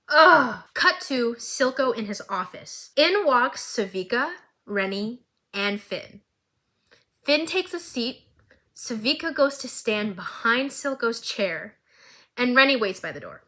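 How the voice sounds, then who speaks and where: A woman with a bright, forceful voice recaps an animated series. She tells it dramatically and stays animated throughout, in a casual vlog. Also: on the high side, slow pace. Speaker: recap vlogger.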